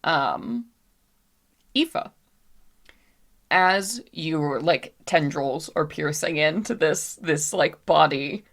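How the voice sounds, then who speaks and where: A woman's voice: sits low, lively intonation, very slow, pauses often. A woman narrating as game master of a tabletop role-playing game, with vivid, casual descriptions full of fillers.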